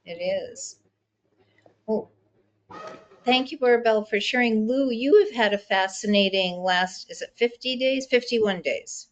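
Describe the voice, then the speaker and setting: A woman's voice: a little high, unhurried. A woman moderating an online support group, speaking in a friendly, encouraging way while sounding tired. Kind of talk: casual video call chat. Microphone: video call.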